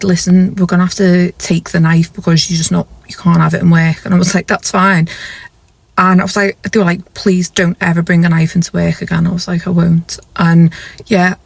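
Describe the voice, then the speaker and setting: Woman, 30s, confessional vlogger, mid pitch, dry close recording. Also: no room sound. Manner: rambling, self-correcting, confessional. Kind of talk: casual storytelling to camera.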